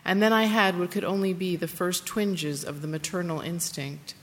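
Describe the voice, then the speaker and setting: Low-voiced woman reading her memoir aloud. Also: moderate pace, few pauses, a bit bright. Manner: intimate, plain-spoken reading with hesitant asides. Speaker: author reading from her book. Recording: roomy hall with faint background noise.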